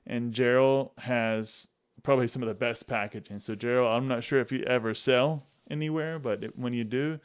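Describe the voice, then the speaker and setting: A man's voice: medium pitch, steady tone, moderate pace, few pauses, smooth. A middle-aged man hosting a casual unboxing chat, upbeat and chatty, laughing often. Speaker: channel host.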